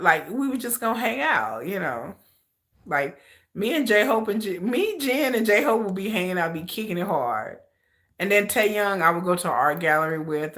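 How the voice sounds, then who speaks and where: A woman chatting casually on a livestream, her low voice swinging widely up and down. She talks in a bright, forceful, slangy way and often breaks into laughter. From United States. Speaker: livestream host. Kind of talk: casual chat.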